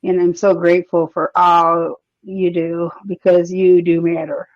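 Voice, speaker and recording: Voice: mid-range voice, flat delivery, unhurried, no room sound. A caller on a call-in chat, heartfelt and hesitant, restarting often. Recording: dull lo-fi call audio.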